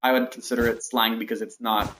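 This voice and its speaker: A man streams himself building in a game, speaking fairly quickly in a mid-range voice. His casual chat with viewers rambles and turns self-deprecating as he counts blocks aloud, against a noisy background of steady mouse and keyboard clicks.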